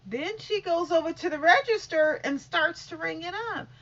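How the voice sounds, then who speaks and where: Speaking at a normal speed, this middle-aged woman has a very high-pitched, slightly bright voice. She's a vlogger telling a casual story-time monologue, rambling with lots of fillers and restarts while acting out every exchange, all captured in dull lo-fi audio.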